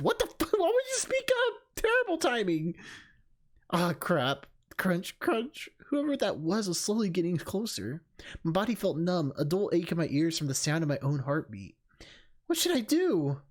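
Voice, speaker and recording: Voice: medium pitch, huge pitch swings, moderate pace. A streamer reading a game's story aloud and breaking off for chatty, laughing asides. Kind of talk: reading narration with live commentary.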